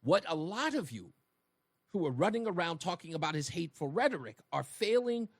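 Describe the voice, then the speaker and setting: Man, radio talk host, emphatic monologue, high voice, lively pitch swings. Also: fairly quick, slightly rough, dry recording. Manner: emphatic, rhetorical, addresses listeners directly. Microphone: studio microphone.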